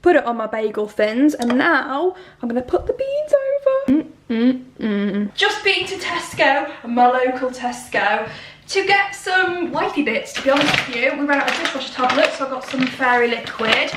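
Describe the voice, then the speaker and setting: A woman's voice: high-pitched, sing-song, normal speed, background noise. A woman, chatting bubbly and casually in a vlog, with giggly asides. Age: 20s. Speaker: vlogger. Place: large indoor shopping centre. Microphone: phone held at arm's length.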